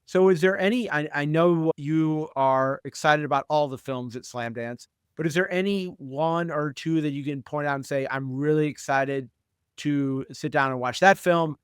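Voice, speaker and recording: A man's voice: on the high side, moderate pace, smooth, no room sound, studio quality. A man hosting an indie film podcast, asking questions and praising his guest with enthusiasm. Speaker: podcast host. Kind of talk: podcast interview.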